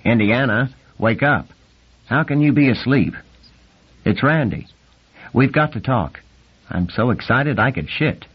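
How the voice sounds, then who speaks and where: A man voicing an excitable young male navy lieutenant, brash and nasal, talking fast and swearing freely in an audiobook reading. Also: fairly low pitch, breathy edge. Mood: excited. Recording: dull lo-fi recording.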